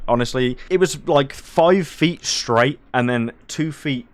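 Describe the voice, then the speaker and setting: A man's voice: mid-range voice, normal speed, hardly any pauses, dry recording. Profane man telling a story. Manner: crude, profane and jokey. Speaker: streamer. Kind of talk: casual storytelling.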